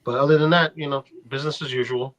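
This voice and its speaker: A man's voice: medium pitch, fairly even intonation, quick pace, fairly bright tone. A man of forty chatting casually, hesitant and goofy, with many fillers. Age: 40s. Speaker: podcast panelist.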